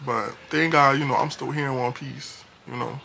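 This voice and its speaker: A young man telling a storytime vlog in an animated, casual way, laughing often. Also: mid-range voice, moderate pace, gravelly, slight background noise. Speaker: vlogger.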